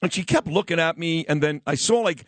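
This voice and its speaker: Wisecracking radio host. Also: male voice, fairly high pitch, a little fast, dry recording. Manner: animated, wisecracking, acts out others in quoted voices. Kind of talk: casual storytelling and sports talk.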